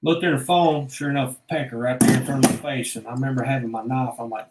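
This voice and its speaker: A man's mid-range, slightly mellow voice moves fast with few pauses and fairly even intonation, over a faint hiss or hum. He's a vlogger casually telling life stories in a blunt, rambling, profane manner, recorded in an echoey room.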